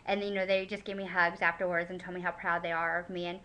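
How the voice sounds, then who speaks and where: A woman in her thirties records a personal video diary, talking in a chatty, heartfelt way. She rambles with lots of fillers and restarts. Her voice is bright and clear. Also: medium pitch, quick pace, few pauses, poor audio. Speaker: vlogger.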